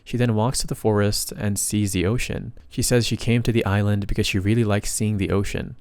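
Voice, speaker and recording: A man's voice: on the low side, steady tone, a little fast, a little mellow, clean tone, no room sound. A man narrating a comic story recap in a casual, plain retelling style with bits of slang.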